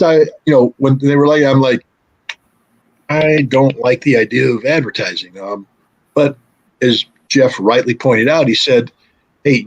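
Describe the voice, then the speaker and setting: A man's voice: mid-range voice, husky, dull audio. A middle-aged man, a guest in a casual interview, telling a rambling story and acting out the dialogue in it. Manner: rambling storyteller who acts out quoted dialogue.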